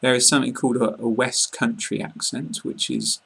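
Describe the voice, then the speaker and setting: Gravelly man with a southern English accent. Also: mid-range voice, normal speed. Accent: southern English, received pronunciation. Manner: calm, plain explaining with frequent fillers. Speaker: English teacher. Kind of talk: online lesson.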